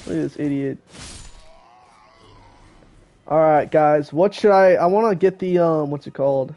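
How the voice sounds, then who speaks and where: A teenage boy streams a video game, joking and chatting casually with friends on a call. His voice is on the high side and dark in tone, and he speaks a little slowly.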